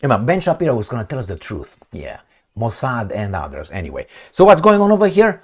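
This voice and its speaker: Blunt, animated male vlogger with a lively pitch. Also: fast, slightly rough. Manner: blunt and profane, mimics gunfire and kicks with mouth sounds; animated, emphatic, repeats words for stress. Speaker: channel host. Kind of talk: opinionated political commentary vlog.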